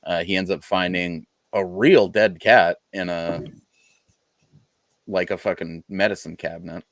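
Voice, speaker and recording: A man's voice: low voice, fairly even intonation, a little slow, creaky, no echo. A man co-hosting a podcast in casual chat, laid-back and rambling, swearing freely. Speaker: podcast co-host.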